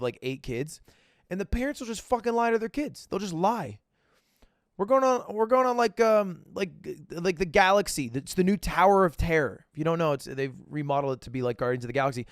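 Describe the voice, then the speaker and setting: A young man streaming from home, telling a story to his chat in a casual, animated way, jumping into high voices when he quotes people. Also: no room sound, studio quality.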